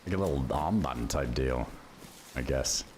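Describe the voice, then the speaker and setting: A man's voice: a bass voice, moderate pace, background noise. A man streaming a survival game, chatting casually with viewers as he plays, swearing now and then. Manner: relaxed, chatty, swears casually, reacts to chat. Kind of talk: casual livestream commentary.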